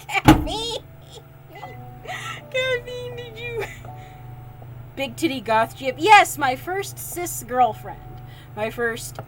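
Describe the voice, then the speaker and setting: Woman streamer, casual chat, lively pitch, laughs a lot, lofi music behind. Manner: chatty, laughs often, reads chat aloud. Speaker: livestreamer making soap. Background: lofi music playing.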